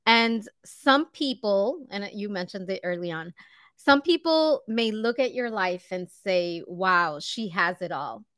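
A woman's voice: medium pitch, expressive, a little slow, a bit bright, no room sound. A woman hosting an interview, asking questions in an encouraging way. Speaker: interview host. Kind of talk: casual interview conversation.

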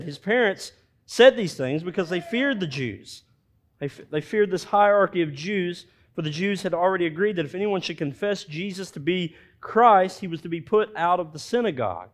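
A man with a fairly high voice preaches a sermon. He reads the scripture aloud and acts out each character's lines in an animated way, pausing to comment. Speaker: pastor.

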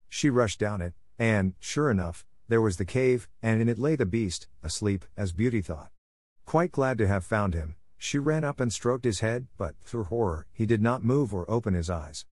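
A man narrating a classic fairy tale in a calm, measured audiobook reading. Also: fairly low pitch, dry recording, studio quality.

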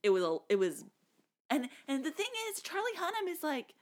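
A woman with a lively, swooping voice shares blunt opinions on a movie in relaxed podcast talk. Her pitch rises and falls a lot as she makes her points. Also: fairly quick. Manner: animated, frank opinions. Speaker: podcast co-host. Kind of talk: casual film review chat.

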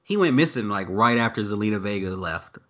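A man co-hosting a wrestling chat over a video call, talking casually with lots of swearing and getting louder and higher when he is worked up. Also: fairly quick. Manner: profane, animated, rises sharply when worked up. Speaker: wrestling podcast co-host. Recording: dull lo-fi video call audio.

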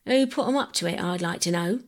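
A woman's voice: fairly low pitch, fairly quick, natural voice. Woman putting on a proud, touchy porter. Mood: offended. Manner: indignant, clipped dialect speech. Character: proud touchy working-class railway porter man.

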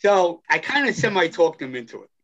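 A man, telling a story as a guest in an interview, in a blunt, animated way with a lot of swearing. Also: high-pitched, fairly quick. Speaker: guest, first responder and activist. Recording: dull lo-fi audio.

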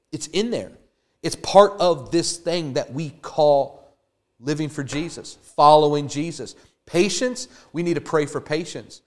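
A man preaching a sermon, building emphatic repeated lines that rise in fervor. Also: fairly high pitch. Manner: emphatic, rising to fervent repetition.

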